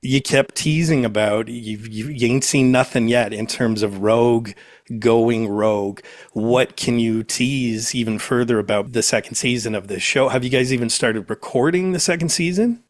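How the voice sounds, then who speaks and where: A man from Canada interviewing a guest, asking enthusiastic, halting questions. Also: medium pitch, dry recording, clean studio sound.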